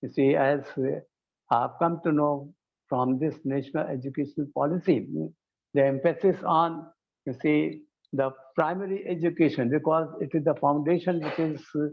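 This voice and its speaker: A man giving a formal conference speech, halting and self-correcting, often saying "you see". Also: on the high side, fairly even intonation, vocal fry. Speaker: conference speaker. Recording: tinny phone-like sound.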